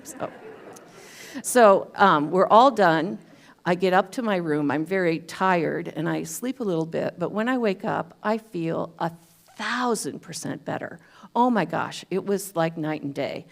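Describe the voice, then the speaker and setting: A woman's voice: on the low side, animated, unhurried, creaky. A woman giving a talk at a spiritual center, telling a personal story in a chatty way with self-deprecating humor. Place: church hall.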